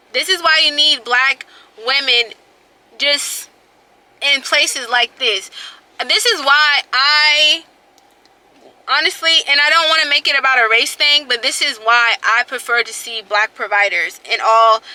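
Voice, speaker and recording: A woman vlogging in a casual storytelling chat, emphatic and animated, repeating lines for effect and acting out what others said. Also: high-pitched, measured pace, low-quality recording. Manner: animated, acts out others' words.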